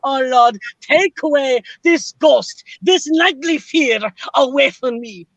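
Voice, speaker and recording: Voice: sits high, takes it slowly, a bit bright, dry recording, dull audio, voice pushed down, full character voice. A performer on a live stream putting on the voice of a fretful woman who prays and pleads melodramatically. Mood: melodramatic. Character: fretful woman praying dramatically.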